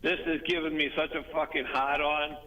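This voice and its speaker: Man doing a crude caller, high and sharp, rambling and cursing nonstop. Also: flat delivery, moderate pace, rough recording. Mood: boastful. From Boston. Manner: profane, stammering, rambling. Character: crude foul-mouthed Boston man, emotional, rambling. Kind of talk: comedic character call-in.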